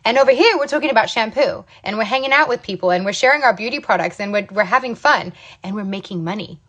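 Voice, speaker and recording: An American woman in her thirties tells her own business story to camera in a casual, emphatic, motivational talk, repeatedly checking in with "okay?" and "you guys." Her voice is high-leaning, expressive, a bit bright, and fast, though the audio sounds dull.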